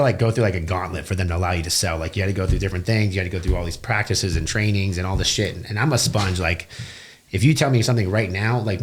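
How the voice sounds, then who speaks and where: A young man, a business owner, telling his career story bluntly and profanely in a casual interview. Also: fairly low pitch. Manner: blunt and profane, animated retelling.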